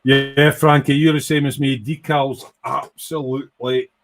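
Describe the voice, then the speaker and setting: A man's voice: medium pitch, little pitch movement, a little slow, soft background music. A man hosting a casual live stream, rambling cheerfully, swearing freely and reading out viewer comments.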